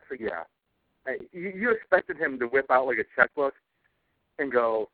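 A man's voice: mid-range voice, sing-song, a little slow, long pauses, no echo. Man, podcast co-host, profane rant, cranky, tinny phone-like audio. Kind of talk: casual chat.

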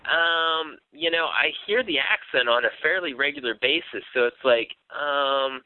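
A man talks through a casual podcast chat at an ordinary pitch, stumbling over restarts and fillers as he thinks out loud. The sound is dry and squeezed narrow, like a phone line. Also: a little slow, no echo. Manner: hesitant, many fillers and restarts. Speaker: podcast co-host.

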